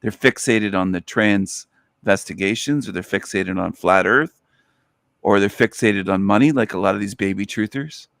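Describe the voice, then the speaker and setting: A man's voice: fairly low pitch, normal speed, creaky, a bit bright. A man hosting a solo podcast, ranting with sarcasm and repeating phrases for emphasis. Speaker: host.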